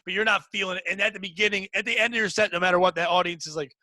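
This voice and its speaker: A man hosting a podcast, talking shop about comedy in a casual, profane, animated way. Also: high-pitched, very fast, no room sound. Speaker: podcast host. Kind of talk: casual chat.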